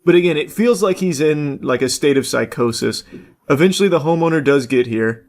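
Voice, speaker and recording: A man's voice: fairly high pitch, lively intonation, a little fast, darkish tone. A man reacting to a clip in casual, rambling commentary, swearing freely and filling gaps with "like" and "uh". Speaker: commentary YouTuber.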